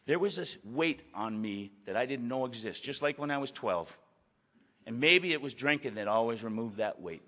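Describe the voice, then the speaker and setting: An older man giving a blunt, emphatic personal testimony to a recovery meeting, gruff and profane, repeating phrases for weight. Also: medium pitch, lively intonation, moderate pace, fairly bright tone. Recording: echoey hall, dull lo-fi sound.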